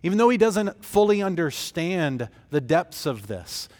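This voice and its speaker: A man's voice: high voice, sing-song, measured pace, darkish tone, long reverb tail. A man preaching a sermon as pastor, telling the story in an earnest, emphatic way.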